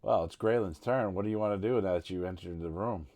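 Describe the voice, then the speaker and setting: A man in a lowish register narrates as dungeon master over an online voice call. He talks haltingly, restarting phrases and filling gaps with "uh" as he describes the scene. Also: warm tone. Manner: halting, with many restarts and fillers. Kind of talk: narrating a tabletop game.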